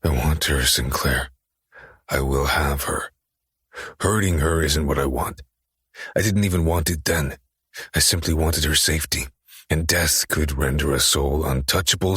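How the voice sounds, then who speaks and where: A man plays a cunning, possessive young man in an audiobook, his voice extremely deep and heavily husky. He talks slowly with controlled menace, recorded close and dry. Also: a bit bright, no echo, heavily acted. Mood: intense. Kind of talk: audiobook character reading.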